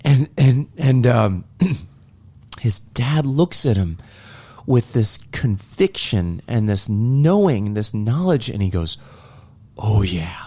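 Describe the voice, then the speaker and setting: A man's voice: medium pitch, big pitch swings, slow pace, mellow, soft background music. A man with a mid-range voice co-hosts a podcast and earnestly retells a film scene. He talks in a reflective, heartfelt way. He acts out the lines he quotes. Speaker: podcast co-host.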